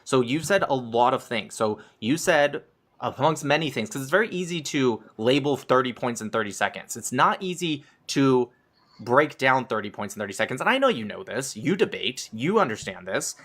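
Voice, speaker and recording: Sarcastic man with a bright voice. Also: mid-range voice, animated, normal speed. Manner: combative, sarcastic, cuts in. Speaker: debater. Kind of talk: heated live debate.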